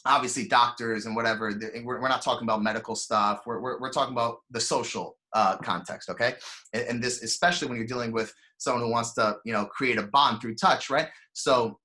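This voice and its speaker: A young man giving a storytelling sermon as a rabbi, animated and chatty, acting out voices and using lots of fillers. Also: mid-range voice, moderate pace. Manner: animated, acts out quoted voices, frequent fillers. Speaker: rabbi giving a weekly Torah talk.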